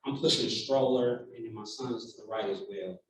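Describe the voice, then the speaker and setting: A man's voice: fairly low pitch, fairly quick. A man in his thirties giving a keynote speech to a large room, telling a personal story with feeling and acting out what people said. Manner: heartfelt, animated storytelling with acted-out quotes. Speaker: keynote speaker. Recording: very echoey hall, voice from far off.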